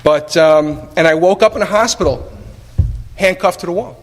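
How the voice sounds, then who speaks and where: A man shares his recovery story before a live audience, lively and wry, throwing out rhetorical questions and playing both sides of old conversations. His voice sits fairly high. The tape carries the long reverb of a large meeting hall. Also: normal speed. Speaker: speaker sharing at a recovery meeting. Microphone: taped at a live meeting.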